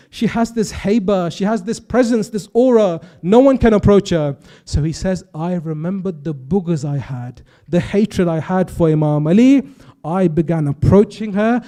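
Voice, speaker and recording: Young male preacher, high mellow voice, emotional sermon storytelling, impassioned builds. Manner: storytelling with quoted dialogue, rising to impassioned intensity. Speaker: speaker at a youth majlis. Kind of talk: emotional religious sermon narration.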